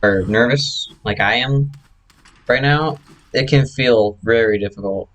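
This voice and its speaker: A man's voice: mid-range voice, a little slow, fairly bright tone, poor audio. A man who speedruns, casually explaining his own run over replay footage, chatty and correcting himself as he goes.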